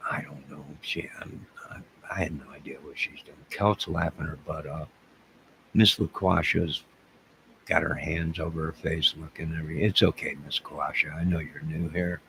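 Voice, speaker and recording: A man hosting a rambling, joking livestream, answering his chat by name, swinging from loud outbursts to low mutters. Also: vocal fry, a little hiss or hum, low-quality recording. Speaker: livestream crime-case commentator.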